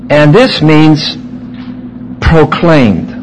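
A man's voice: on the high side, animated, very slow, a little hiss or hum, low-quality recording. A man teaching a Bible class, walking his students through their notes and stressing key words emphatically.

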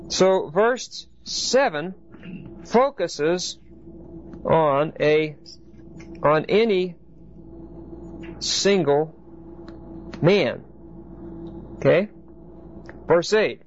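A man whose voice is a little high takes his time teaching a Bible study class, pausing often as he explains each point and checks in with the group. The lo-fi recording sounds dull and carries a faint background hiss.

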